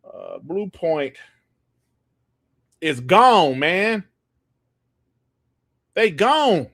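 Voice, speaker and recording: A man hosting a gaming podcast livestream, ranting in a heated, profane and animated way. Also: sits high, drawn-out words, dry recording, clean studio sound. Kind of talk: livestream commentary rant.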